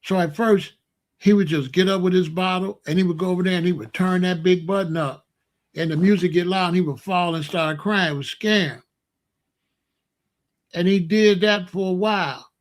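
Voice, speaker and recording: A middle-aged man tells stories in a casual, folksy way. He hosts an online show and often breaks into loud exclamations. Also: sits high, normal speed. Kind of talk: casual storytelling monologue.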